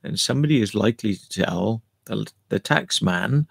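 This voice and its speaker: A man's voice: fairly low pitch, lively intonation, moderate pace, vocal fry, breathy edge, no room sound. A man chatting casually on a home livestream, rambling and cheeky as he answers viewer comments and swears now and then.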